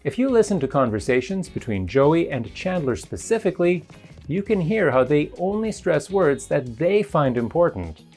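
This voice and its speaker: Speaking in a slightly rough voice, an English teacher walks through pronunciation in a scripted, explanatory narration with faint music underneath. The delivery is even and measured, though the pitch swings a lot from one phrase to the next.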